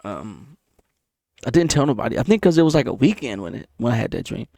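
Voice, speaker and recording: A man casually telling a story about a dream, animated and repetitive, punctuating it with sound effects. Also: fast, gravelly, no echo, studio quality. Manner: animated, repeats himself, sound effects like boom. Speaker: vlogger.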